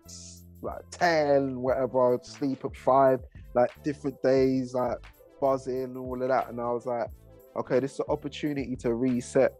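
He has a mid-range, darkish-toned voice. The speaker is a rapper and producer from England in his 30s, giving a relaxed interview packed with slang and wandering off into asides.

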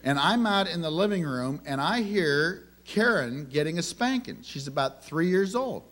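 A minister delivers a conversational sermon on parenting, his voice a little high, expressive, and fairly bright at a moderate pace. He shares family stories and poses rhetorical questions to the audience.

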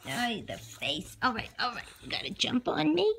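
A woman's voice: fairly high pitch, huge pitch swings, moderate pace, gravelly, a bit bright, slight background noise. A woman hosting a home cooking video, talking to her dog in a coaxing, playful way. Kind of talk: casual talk to her pet.

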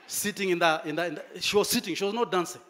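Preacher, male, high voice, animated storytelling sermon delivery. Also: fast, slight background noise.

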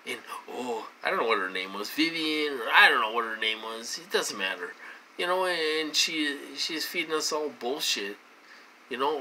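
An adult from the United States ranting into the camera, voice swinging up and down as the frustration builds. The tone is sharply bright and piercing, with repeated words and curses. A faint hum of room ambience sits behind the voice. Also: sing-song, normal speed. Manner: agitated, repetitive, swears, pitch swings high when indignant. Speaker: vlogger.

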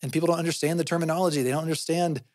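A man's voice: a little high, fairly even intonation, racing, a little mellow, no echo, clean studio sound. A man hosting a podcast, explaining things in a conversational way and often asking himself questions, then answering them. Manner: often adds "right?" as a tag. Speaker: podcast host.

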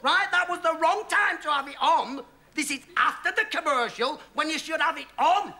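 A man's voice: very high-pitched, animated, normal speed. A man, one half of a comedy double act, playing the bossy, exasperated straight man in a scripted sketch. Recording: noisy TV studio with loud audience laughter.

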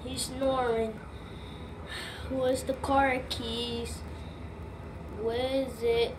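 A woman narrating a toy skit in a slow, rambling way. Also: high-pitched, little pitch movement, very noisy. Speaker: video maker. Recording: clear music behind.

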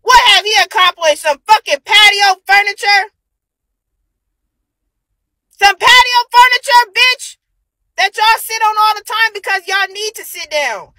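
A woman's voice: extremely high pitch, normal speed, few pauses, pushed and bright, dry recording, rough recording. A woman on a phone livestream, ranting heatedly and profanely, repeating herself for emphasis. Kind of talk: angry livestream rant.

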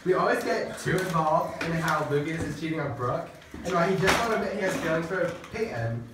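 A man playing a sassy, churchgoing teenage girl with a drawling valley-girl manner and deadpan asides. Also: a little high, fairly quick, lightly acted. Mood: chatty. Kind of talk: comedy skit acting. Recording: echoey room, far from mic, faint noise.

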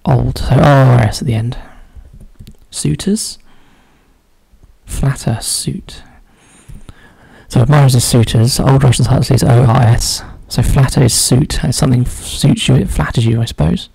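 A man's voice: mid-range voice, steady tone, moderate pace, creaky, warm tone, breathy edge, no room sound, low-quality recording. A man solving a crossword aloud, musing and muttering clues half to himself. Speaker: crossword solver. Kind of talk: thinking aloud while solving a puzzle.

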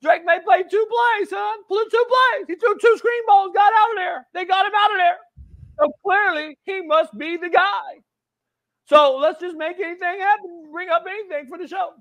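A man putting on a loud, high-pitched football coach voice that scolds a player and keeps calling him "son". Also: normal speed. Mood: ranting. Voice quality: shouts and drawls "son" at the end of lines. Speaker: sports show host. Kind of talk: film-breakdown sports commentary.

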